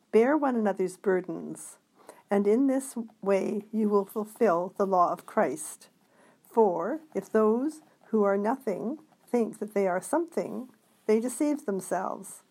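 A woman reading scripture passages aloud in a measured way, sometimes stumbling over a word. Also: medium pitch, warm tone. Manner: measured reading with occasional slips. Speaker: scripture reader.

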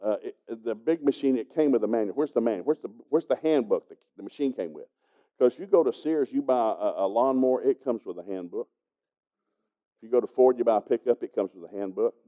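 Fast-talking man with a very dark voice. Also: mid-range voice, expressive, muffled recording. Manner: folksy storytelling, chuckling as he goes. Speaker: pastor teaching a congregation. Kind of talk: sermon with a personal story.

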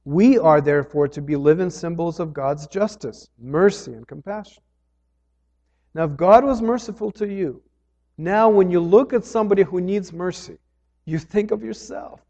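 A man's voice: moderate pace, vocal fry. Earnest man preaching in a long-echo hall. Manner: earnest, swells loud on key phrases then drops low. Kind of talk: sermon. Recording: dull sound with long hall reverb.

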